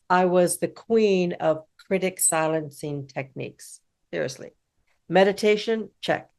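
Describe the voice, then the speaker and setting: A woman's voice: on the low side, vocal fry, a little mellow. A middle-aged woman hosting a self-help podcast, talking in a punchy, emphatic way with casual swearing. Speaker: podcast host.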